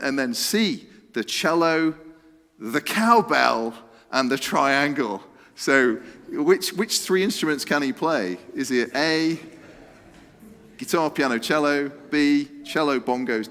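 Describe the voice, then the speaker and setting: An excitable, chatty man, giving a lively church talk that includes a quiz. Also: mid-range voice. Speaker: preacher. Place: church hall. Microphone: handheld microphone. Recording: reverberant hall sound.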